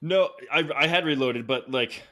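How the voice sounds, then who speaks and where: A man tells a story on a podcast in a casual, animated way. He gets excited as he talks, laughs along, and often restarts his sentences. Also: a little high, normal speed. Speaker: podcast guest.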